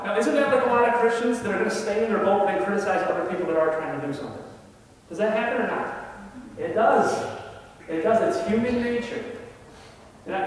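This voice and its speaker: A man preaching a conversational sermon in a church, often asking the congregation questions. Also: sits high. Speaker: lay preacher. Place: church sanctuary. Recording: echoey hall, voice from far off.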